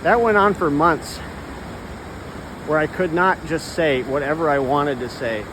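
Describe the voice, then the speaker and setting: A man with a fairly high voice talks slowly into a phone while walking a trail outdoors. He rambles, halts and restarts his sentences, with a faint hiss and traffic hum behind. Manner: rambling, halting, restarts often. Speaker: vlogger. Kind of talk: casual walk-and-talk monologue.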